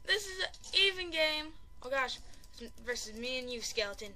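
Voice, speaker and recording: A woman giving live commentary over a video game, excitable and panicky, exclaiming and repeating herself and running herself down as a player. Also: high-pitched, moderate pace. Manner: self-deprecating chatter. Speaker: gaming channel host.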